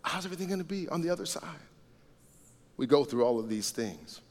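A man preaching a sermon as pastor, earnest, rising to loud emphatic lines and dropping to soft low asides. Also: animated, fairly quick, in a large hall. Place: church sanctuary.

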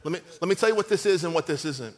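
A middle-aged man preaching a sermon, lively and conversational, acting out quotes in his stories, with a cold. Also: on the high side, racing, big-room sound. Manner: storytelling, animated and conversational, acts out quotes. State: has a cold. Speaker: pastor.

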